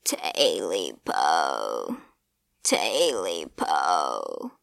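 A menacing cat-like creature from a ghost story, its voice dropped far down and stretched into a slow, moaning chant. Every word crawls out long and hungry. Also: female voice, rumbling low, wildly swooping pitch, vocal fry, fairly bright tone, dry recording, studio quality, voice pushed down, heavily acted.

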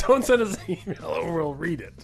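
A man's voice: a little high, animated, normal speed, gravelly, faint music behind. A man co-hosting a late-night comedy podcast, giggly and riffing on running bits, often breaking into laughter. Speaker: podcast co-host.

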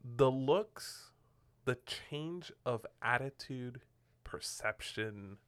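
A man's voice: mid-range voice, animated, extremely slow, clear, resonant tone. A man whose first language is Spanish, co-hosting a marriage podcast and talking earnestly with many restarts. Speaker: podcast co-host. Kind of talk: casual conversation.

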